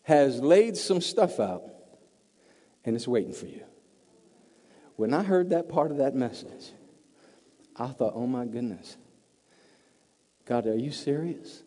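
High-voiced man preaching in a big hall. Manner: swings from hushed to loud and emphatic. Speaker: pastor. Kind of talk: sermon. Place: church sanctuary. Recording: long reverb of a large hall.

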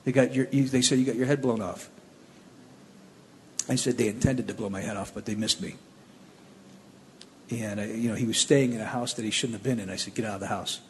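A man from the Cleveland area telling his own testimony in a plainspoken, animated storytelling way. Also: on the low side, brisk, long pauses, long reverb tail, a little hiss or hum.

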